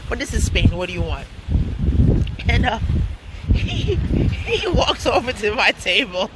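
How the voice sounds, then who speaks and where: Woman vlogging a story, slangy and laughy, loud wind noise hitting the mic. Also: on the high side, big pitch swings, unhurried. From United States. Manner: chatty, slangy, laughs often. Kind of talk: casual storytelling vlog.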